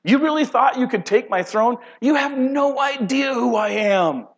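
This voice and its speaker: A man voicing God in a sermon, booming and taunting a fallen enemy. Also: expressive, normal speed, lo-fi sound. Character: mighty male God taunting his fallen foe.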